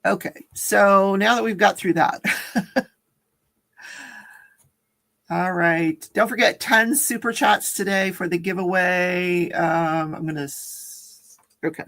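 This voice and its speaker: An older woman hosts a casual livestream in a voice with a gravelly, creaky edge. She rambles through her story, backtracking and correcting herself along the way. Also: on the low side, steady tone, takes it slowly, pauses often, fairly bright tone. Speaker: livestream host.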